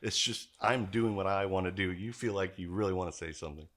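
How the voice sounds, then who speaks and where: This podcast host, a man with a deep voice, talks fast through a casual chat. He tells profane stories with animated storytelling, mimicking voices often.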